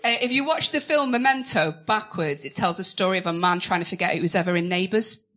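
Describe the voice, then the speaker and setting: A woman's voice: lowish voice, fast, bright, forceful tone. A woman, a comedian on a panel, telling jokes dryly.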